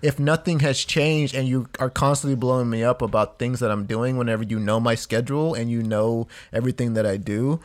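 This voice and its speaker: A man co-hosting a casual podcast, pushing back in a relaxed way with restarts and lots of "like" and "dude.". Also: mid-range voice, a little fast, few pauses. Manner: hesitant, restarts, says "like" and "dude" often. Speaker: podcast co-host. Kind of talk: casual debate chat.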